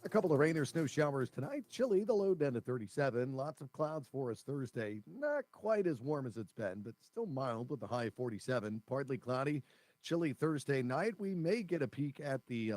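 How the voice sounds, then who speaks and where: A man's voice: medium pitch, lively intonation, fairly quick, darkish tone, no room sound, low-quality recording. A man reading a short radio weather forecast.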